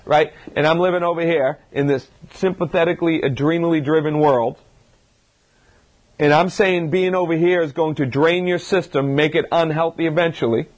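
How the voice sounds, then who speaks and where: A chiropractor gives an informal health talk to a live audience, working through his points with rhetorical questions and often restarting his sentences. His voice is a little high, with a steady tone at a normal speed.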